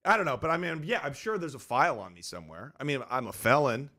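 A young man in casual podcast chat, telling animated stories, acting out quotes and swearing freely. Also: mid-range voice, fast.

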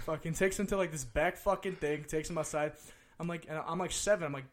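A young man from the Chicago area, hosting a loose, casual chat. His voice sits a touch high, and he tells stories with constant swearing, climbing into loud, laughing outbursts. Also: fast talker. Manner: animated, profane, laughs and gets loud telling stories.

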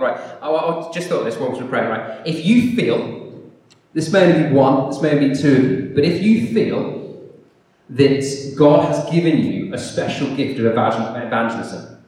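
A man's voice: medium pitch, animated, moderate pace, a little mellow, a little hiss or hum. A man preaching to a church congregation, self-deprecating and rambling, then leading prayer. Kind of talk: sermon and closing prayer. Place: church hall. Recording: echoey hall, distant mic.

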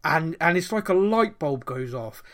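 Animated, laughing podcast man. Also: a little high, normal speed. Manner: animated retelling, laughing often. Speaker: podcast co-host. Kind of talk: casual podcast chat.

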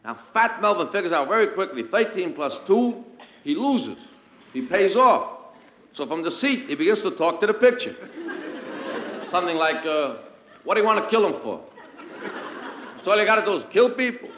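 A male stand-up comedian telling a comic story in a brisk, anecdotal way and acting out the people in it. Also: high-pitched, expressive, fairly bright tone, a little hiss or hum. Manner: brisk anecdotal delivery acting out quoted characters. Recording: roomy 1951 radio broadcast with music.

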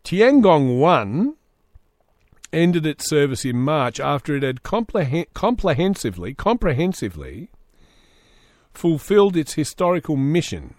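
A man's voice: on the high side, very animated, normal speed, a little mellow, no echo, studio quality. A man hosting a solo comedy podcast, reading news aloud with sarcastic asides. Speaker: podcast host.

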